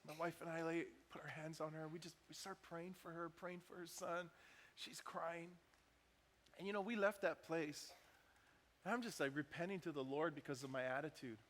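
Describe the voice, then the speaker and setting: A man's voice: a little high, fairly even intonation, moderate pace, fairly bright tone, a little hiss or hum. A man preaching a sermon as pastor, talking conversationally and acting out what people said. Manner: conversational preaching with acted-out quotes. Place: church sanctuary. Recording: church hall reverb.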